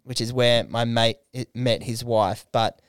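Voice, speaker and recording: Young man, Australian accent, smooth clear voice, dry close sound, casual podcast storytelling, swears a lot. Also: medium pitch, a little slow, no room sound. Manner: swearing, animated retelling with quoted dialogue. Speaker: podcast co-host.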